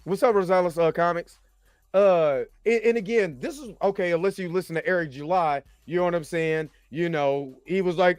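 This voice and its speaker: A man's voice: high-pitched, fairly quick, clean tone, no echo. A man hosting a casual chat, rambling and often asking "you know what I'm saying". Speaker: host.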